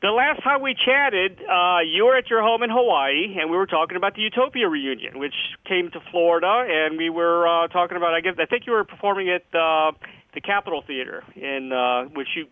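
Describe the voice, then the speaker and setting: A man's voice: high voice, expressive, brisk, no room sound. A man interviewing a guest in a chatty, enthusiastic way, often stumbling and restarting his sentences. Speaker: radio interviewer. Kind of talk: phone interview. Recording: dry tinny phone line.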